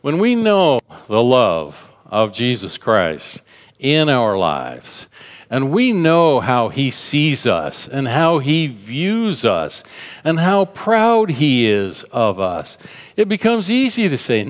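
A man's voice: mid-range voice, wildly swooping pitch, slow pace. A man preaching a sermon, telling a story and acting out the people in it, repeating phrases for emphasis. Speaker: pastor. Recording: long hall reverb.

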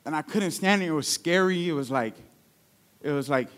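Young male preacher, sermon delivery, conversational storyteller, voice on the high side. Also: normal speed, a bit bright, smooth. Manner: conversational storytelling with call-outs.

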